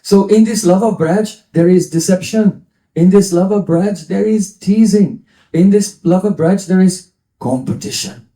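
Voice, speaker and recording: High-voiced man giving a devotional lecture. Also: measured pace, mellow, echoey room, poor audio. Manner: explains scripture terms, playful asides. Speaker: spiritual teacher.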